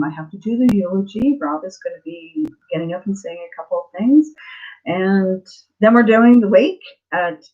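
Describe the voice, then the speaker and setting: A middle-aged woman hosting a live stream, talking in a warm, halting, tearful way with many fillers. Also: lowish voice, narrow, tinny audio. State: tearful, close to crying. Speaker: spiritual channel host. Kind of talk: casual live-stream chat.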